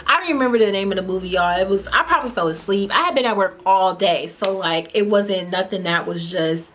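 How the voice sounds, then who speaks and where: A young woman in her twenties talks straight to her viewers in a loose, chatty storytime. Her voice sits at an ordinary middle pitch. She keeps dropping "like" between phrases as she retells the story. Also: fairly quick, slight background noise. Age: 20s. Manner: chatty, many "like" fillers, lively retelling. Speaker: vlogger. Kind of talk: casual storytime.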